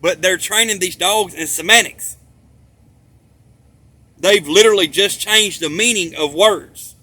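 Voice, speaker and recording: A man with a high, bright, sharp-edged voice rambles through a monologue. He hammers his points home with profanity and repetition, returning again and again to the same phrases. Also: unhurried, no echo. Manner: emphatic, profane, repeats himself for stress.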